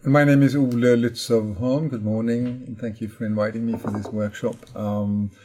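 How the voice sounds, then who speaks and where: A man who is a professor of composition, giving a polite, measured self-introduction as a guest speaker. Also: mid-range voice, fairly even intonation, warm tone.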